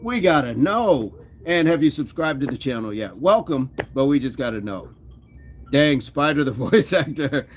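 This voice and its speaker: A man hosts a fitness livestream, casually chatting with viewers, teasing them playfully and reading and answering the chat. His voice is medium in pitch at a moderate pace, with slight background noise.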